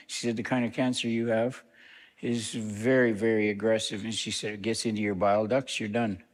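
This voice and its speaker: An older man, a guest minister, telling a personal story to a congregation in a plain, conversational way. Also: lowish voice. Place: church sanctuary. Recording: long church reverb.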